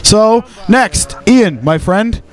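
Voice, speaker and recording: A man's voice: sits high, animated, takes it slowly, faint music behind. A Welsh man hosting a casual podcast, swearing and bickering with his co-hosts. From Wales. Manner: sweary, combative. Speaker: podcast host.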